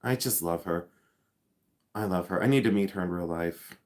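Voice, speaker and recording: A man's voice: low voice, moderate pace, a little mellow. Chatty man hosting a live stream. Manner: chatty, rambling, laughs often; sarcastic humor. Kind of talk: casual live-stream chat.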